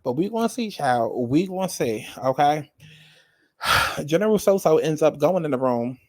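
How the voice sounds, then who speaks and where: A man's voice: fairly high pitch, lively intonation, moderate pace, no echo. A man giving casual, sassy commentary on a reality show, dramatic and profane, addressing the viewer directly.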